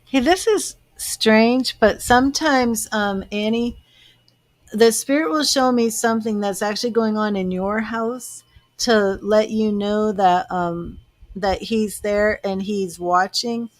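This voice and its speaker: A woman doing a live-stream psychic reading, halting and searching as she relays what she senses. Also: mid-range voice, fairly even intonation, no echo. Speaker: psychic medium.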